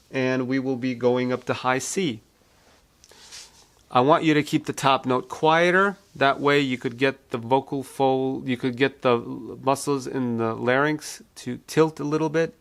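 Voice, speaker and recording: A male vocal coach giving a calm, reassuring singing lesson and walking beginners through vocal exercises. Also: medium pitch, vocal fry. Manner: calm, reassuring teaching with repeated phrases.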